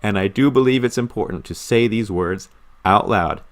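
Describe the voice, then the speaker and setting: A man's voice: fairly low pitch, normal speed. A man explaining how he studies a language with audio lessons, in an earnest, enthusiastic manner, often repeating words for emphasis. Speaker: language learner explaining his study method. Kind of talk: casual screen-recorded tutorial.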